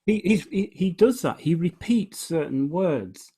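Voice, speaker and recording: Man, husky voice, lively rising and falling pitch, enthusiastic host, restarts phrases. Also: measured pace. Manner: enthusiastic, explains by reading lines aloud and stressing beats. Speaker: host, musician. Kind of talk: casual discussion of poetry.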